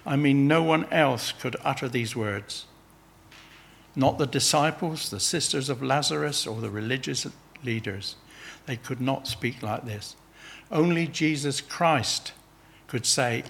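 A man's voice: mid-range voice, unhurried, creaky, fairly bright tone, slight background noise. A man preaching a sermon, earnestly pressing his listeners with urgent questions.

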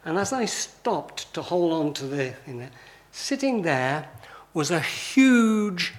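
A man's voice: fairly high pitch, big pitch swings, takes it slowly. A man preaching a sermon in a conversational style, full of rhetorical questions and emphatic lists.

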